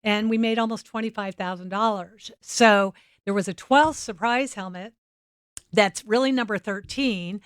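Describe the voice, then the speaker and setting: Woman podcast guest telling stories, smooth clear voice, dry close mic. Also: mid-range voice, normal speed, no room sound. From United States. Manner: animated, acts out quoted dialogue. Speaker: podcast guest, motorsports nonprofit director. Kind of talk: casual storytelling interview. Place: studio set.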